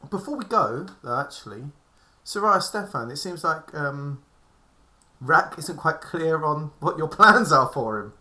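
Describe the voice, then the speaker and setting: A man's voice: on the high side, expressive, measured pace, sharp tone, exaggerated voice. A man voicing Kara, a scheming female spacefarer, in a breezy, conspiratorial tabletop role-play. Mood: offhand.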